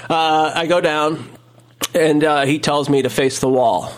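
Guy rambling through a story, lots of ums and restarts, kinda high-pitched. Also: unhurried. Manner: rambling, animated, many fillers and restarts. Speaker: storyteller guest. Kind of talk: casual storytelling chat.

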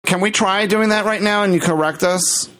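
Playful higher-voiced male host. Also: pushed and bright, slight background noise. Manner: playful, teasing, quick to laugh. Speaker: podcast host. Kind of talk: casual chat.

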